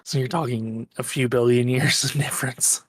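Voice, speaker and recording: Man, casual gaming chat, teasing banter, mid-pitched voice, faint hiss behind. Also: steady tone, moderate pace. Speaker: podcast co-host playing a video game.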